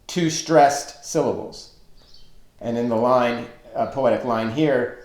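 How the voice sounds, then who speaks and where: A man teaching a webinar lecture on poetry, deliberately counting out stressed and unstressed syllables. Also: mid-range voice, darkish tone, reverberant.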